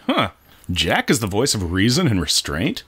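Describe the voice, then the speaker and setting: A man's voice: fairly low pitch, wildly swooping pitch, normal speed, bright, forceful tone, husky. A man co-hosting a podcast, recapping a comic book with puns and wisecracks. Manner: punning, wisecracking, playful asides. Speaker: podcast co-host.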